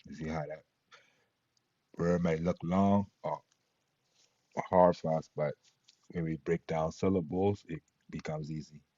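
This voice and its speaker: Deep husky guy slowly going over latin letter sounds, dry dull lo-fi audio. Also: steady tone, dark tone, no room sound. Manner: slow, patient, spells out sounds. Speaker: Latin teacher. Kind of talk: pronunciation lesson. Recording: dull lo-fi recording.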